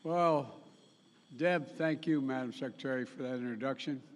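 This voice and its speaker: An older man giving a formal public speech with folksy asides, often halting and correcting himself mid-sentence. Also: medium pitch, a little hiss or hum. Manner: halting, with frequent restarts and self-corrections. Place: large summit venue. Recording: long reverb of a big hall.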